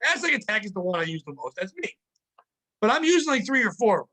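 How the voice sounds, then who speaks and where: A man hosting a casual podcast, ranting and swearing in an animated, comedic way. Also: high-pitched, brisk. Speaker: podcast host.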